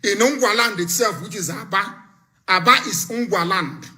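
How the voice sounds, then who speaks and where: A man's voice: high voice, moderate pace, pushed and bright. A man with a Nigerian accent delivering a fiery live broadcast speech, full of repeated threats and warnings. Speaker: political activist broadcaster.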